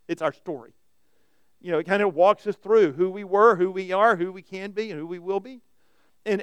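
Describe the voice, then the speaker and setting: A man preaching a sermon as pastor, speaking conversationally with restarts and slowing down to read scripture. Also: high voice, clear, resonant tone, dry recording.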